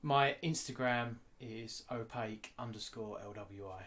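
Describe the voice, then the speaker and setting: A man talking candidly in an interview, blunt and animated, swearing freely. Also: medium pitch, a little slow, a little hiss or hum. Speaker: guest artist.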